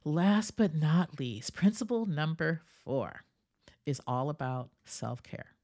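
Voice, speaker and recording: A woman's voice: low voice, animated, slow pace, darkish tone. A woman hosting a solo wellness podcast, talking in a coaching way, asking "right?" often and acting out the people she quotes. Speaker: podcast host.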